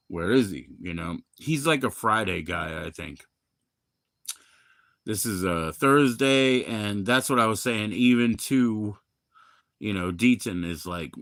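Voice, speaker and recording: Rambling, swearing streamer man, low voice. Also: no echo, studio quality. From Maryland, USA. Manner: rambling, profane, loud bursts then mumbling. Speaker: livestream host. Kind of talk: rambling casual livestream chat.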